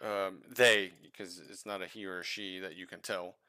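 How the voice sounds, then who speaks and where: A tired man narrates a tabletop game as game master, searching for words with many fillers. His voice is bright and clean on a dry close mic. He talks slowly. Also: deep voice, fairly even intonation, smooth, dry recording. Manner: hesitant, many fillers, self-deprecating. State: tired late at night.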